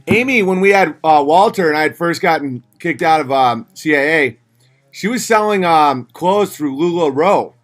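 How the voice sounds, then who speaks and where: A fairly high-pitched man hosts a loose, casual livestream, reading viewer messages aloud and answering them sardonically. He keeps switching between jokey put-on voices and low, grumbling asides. His delivery is expressive at a moderate pace, with a fairly bright tone.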